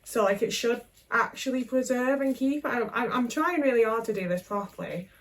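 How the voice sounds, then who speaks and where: A woman's voice: fairly high pitch, moderate pace, distant mic, poor audio. A young woman, chatting casually and self-mockingly while she cooks at home, tagging questions onto her sentences. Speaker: vlogger. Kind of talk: casual cooking vlog chat.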